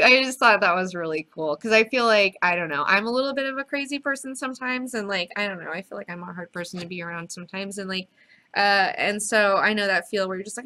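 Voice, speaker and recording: Bright-voiced woman gushing about comics. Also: mid-range voice, brisk. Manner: excited, profane, rambling with many fillers. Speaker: comic book video host. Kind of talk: casual recap and discussion.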